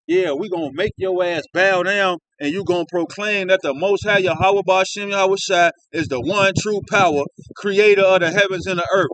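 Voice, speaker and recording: A man's voice: high voice, moderate pace, few pauses, a bit bright, low-quality recording. A man reading scripture aloud and commenting on it in loose, slangy street talk, often tagging his lines with "man", recorded on a phone. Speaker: street-style Bible teacher.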